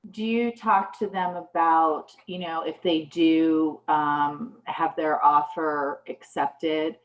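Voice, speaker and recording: A woman in a training session asking a question in a halting way, with many fillers. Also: low voice, steady tone, lo-fi sound.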